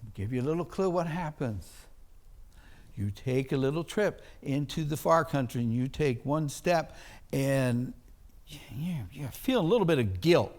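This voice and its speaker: A male pastor delivers a chapel sermon, telling its story dramatically and stretching it out with acted-out voices. He speaks at medium pitch, expressively and with a slightly mellow tone.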